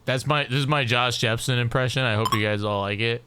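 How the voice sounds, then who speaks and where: A man's voice: medium pitch, fairly even intonation, fairly quick, over loud music. A man chatting casually on a live game stream, rambling and restarting his sentences over and over. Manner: rambling, stacks repeated restarts.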